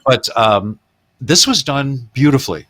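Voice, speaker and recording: Bright-voiced man retelling film scenes. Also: medium pitch, a little slow. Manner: animated storyteller who laughs often. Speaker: podcast host. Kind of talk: casual film chat.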